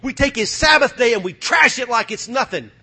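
A middle-aged man from the United States preaching a sermon, fervent, going from loud bursts to hushed asides. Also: very high voice, animated, a little fast, breathy edge.

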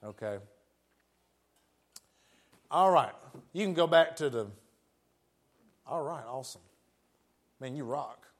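A man's voice: mid-range voice, animated, takes it slowly, pauses often. A man with a West Tennessee accent preaching a sermon in a folksy, joking way, laughing often.

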